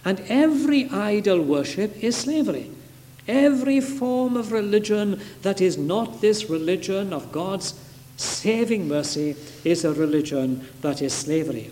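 A man's voice: high-pitched, expressive, measured pace, warm tone. A man preaching a sermon with emphatic, repeated phrases that build in force. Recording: reverberant hall with faint noise.

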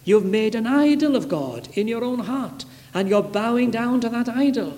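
A man's voice: extremely high pitch, expressive, moderate pace, darkish tone. A man preaching a sermon with emphatic, repeated phrases that build in force. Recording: reverberant hall with faint noise.

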